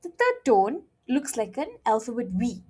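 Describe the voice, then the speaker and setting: Woman, language teacher, slow deliberate delivery, slightly husky, playful and encouraging. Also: fairly high pitch, wildly swooping pitch, darkish tone. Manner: frequent checking "okay?", playful and encouraging. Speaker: Mandarin teacher. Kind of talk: friendly beginner language lesson.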